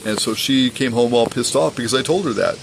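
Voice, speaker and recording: Gravelly man telling an aggrieved story. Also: medium pitch, brisk, noisy background. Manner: earnest, aggrieved, insistent. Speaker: father telling his story. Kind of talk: personal vlog monologue.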